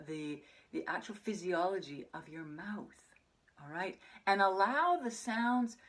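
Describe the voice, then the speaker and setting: A woman teaching a meditation practice, speaking softly and calmly, often sinking to a breathy near-whisper. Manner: soft, calm delivery that drops into breathy near-whispers; chants mantras in a low murmur. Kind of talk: spoken meditation teaching to camera.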